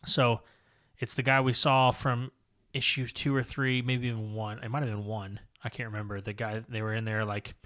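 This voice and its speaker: A man's voice: medium pitch, flat delivery, moderate pace, fairly bright tone. A man co-hosting a comic book podcast, casually recapping and reading panels aloud in a long-winded, rambling way. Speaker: podcast co-host.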